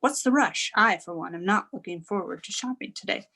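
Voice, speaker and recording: A woman's voice: mid-range voice, brisk, gravelly, pushed and bright. A woman voicing a grumbling, teasing father in a read-aloud storybook.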